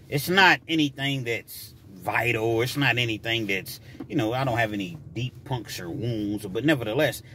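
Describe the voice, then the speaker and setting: A man telling a story from his own life in a vlog, talking freely with frequent restarts and jumping into loud, high voices to act out what people said. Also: slight background noise. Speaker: vlogger telling a personal story.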